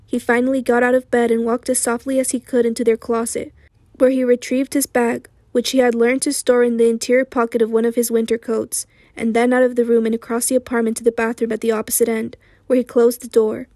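A woman with a hoarse voice reading an audiobook in a slow, steady, sombre way. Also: a little high, no echo, studio quality. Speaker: audiobook narrator. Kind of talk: audiobook narration.

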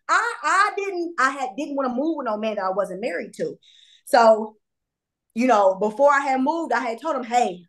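A young woman, a podcast guest, telling a candid personal story and acting out the dialogue with lively jumps in pitch. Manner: animated, acts out quoted dialogue with pitch jumps; repeats herself and apologizes for rambling.

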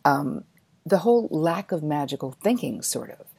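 A middle-aged woman hosting an interview, telling a lively personal story in a chatty, animated way. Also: sits low, normal speed, vocal fry, husky, no echo. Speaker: podcast host.

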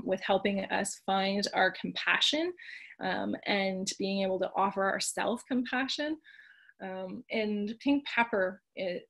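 Gentle conversational woman teaching parents. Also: mid-range voice, vocal fry. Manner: gentle, conversational, with frequent "right?" check-ins. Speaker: parenting workshop presenter. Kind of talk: instructional talk.

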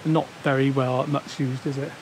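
A man's voice: medium pitch, flat delivery, normal speed. Chatty man vlogging on a windy walk. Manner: chatty, out of breath on uphill walk. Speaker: walking vlogger. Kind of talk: casual walking commentary. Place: outdoors on a windy coastal footpath.

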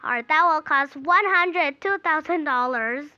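A woman's voice: sits high, a little slow, no echo, lo-fi sound, voice pushed up. A woman doing a teasing, pushy shop seller.

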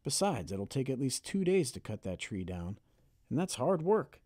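A man reading an audiobook, voicing a patient rural father who speaks in a slow, calm, gentle way. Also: mid-range voice, dry recording, studio quality, voice pushed up. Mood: calm fatherly.

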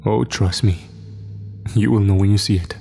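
A man's voice: lowish voice, steady tone, moderate pace, vocal fry, darkish tone, faint music behind. A man voicing an eccentric, well-spoken male employer who speaks courteously and teases the people he has hired, keeping his secrets. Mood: smooth, secretive.

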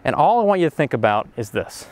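Male golf instructor, high-ish, very animated delivery, excitable, recorded on an outdoor range. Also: fast talker. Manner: enthusiastic, excitable, exclaims and hoots. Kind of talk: energetic golf lesson on the range.

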